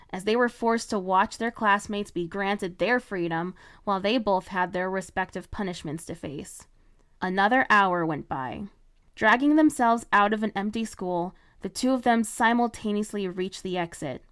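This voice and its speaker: A woman narrating her own fan-written story in a measured, even storytelling voice. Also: medium pitch, clear, resonant tone. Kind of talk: fan fiction read-aloud narration.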